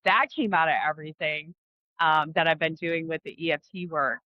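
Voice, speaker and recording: A woman's voice: low voice, fairly even intonation, a little fast, no room sound, dull audio. A middle-aged woman hosting her own vlog, reflecting candidly and casually, with frequent swearing. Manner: casual, frank, swears freely. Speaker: host.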